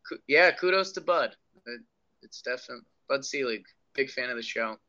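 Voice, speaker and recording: A young man in casual sports talk, with a very bright, sharp voice that keeps restarting its words. The sound is dry and dull, with no room to it. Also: medium pitch, animated, brisk, no echo. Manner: hesitant, repeats words when starting. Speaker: podcast co-host.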